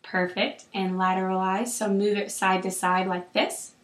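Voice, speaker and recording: A woman clinician calmly guiding a patient through an oral exam, with steady, encouraging instructions. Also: mid-range voice, measured pace. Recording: roomy echo.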